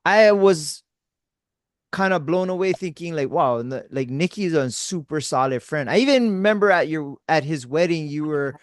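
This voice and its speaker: A man's voice: a little high, expressive, normal speed, no room sound, clean studio sound. A man in his forties from Hawaii hosting a podcast, talking in an easygoing, laid-back way. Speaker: podcast host. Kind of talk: casual podcast interview.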